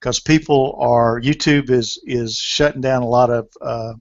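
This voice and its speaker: A man's voice: mid-range voice, fairly even intonation, a little slow. A man hosting a casual online discussion, rambling with many restarts over a video call. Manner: rambling, restarts often, apologetic. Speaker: host. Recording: lo-fi call audio.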